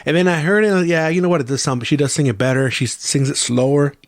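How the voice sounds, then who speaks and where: A man's voice: a little high, fairly even intonation, fast talker, dry recording, clean studio sound. A man hosting a podcast in casual chat, rambling loosely and swearing constantly. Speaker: podcast host.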